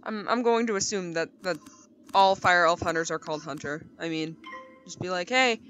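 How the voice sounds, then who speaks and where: Bright, chatty young woman gamer. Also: normal speed, faint music behind. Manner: playful, chatty, jumps to high excited bursts. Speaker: gaming YouTuber. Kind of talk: casual gameplay commentary.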